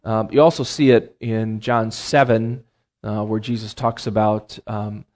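A man's voice: fairly low pitch, level tone, a little slow, a little mellow. A middle-aged man teaching a Bible class in a lecture, who explains terms plainly and repeats his key phrases, with many ums and uhs.

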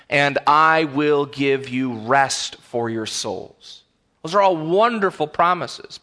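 A man's voice: fairly high pitch, sharp tone. A pastor preaching an earnest, emphatic sermon in a church, often repeating words as he builds a point. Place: church sanctuary.

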